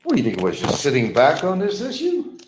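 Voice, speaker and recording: A man's voice: on the high side, wildly swooping pitch, quick pace, a little hiss or hum. Middle aged guy ranting on a stream, bitter and mocking, voice jumps way up and down. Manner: bitter, repetitive, mocking, swings from mutters to loud outbursts. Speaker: livestream host. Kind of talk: rambling livestream rant.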